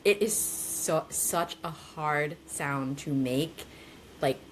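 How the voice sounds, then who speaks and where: A woman from the United States, a podcast guest, talking in a casual, reflective way with animated emphasis. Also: sits low, extremely slow, slight background noise.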